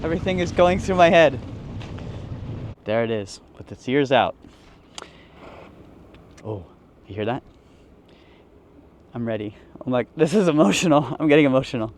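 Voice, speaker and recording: A man hosting a travel vlog outdoors on a river boat, chatting casually and mock-solemn, mixing in halting Spanish. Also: mid-range voice, lively intonation, slight background noise. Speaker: travel vlogger.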